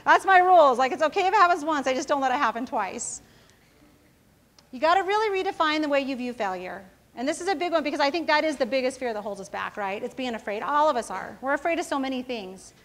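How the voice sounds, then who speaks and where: A woman's voice: high voice, animated, fast talker, fairly bright tone. A woman who founded a company, giving a casual motivational talk to students, telling self-mocking stories and often checking in with the audience. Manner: casual storytelling, often asking the audience "right?".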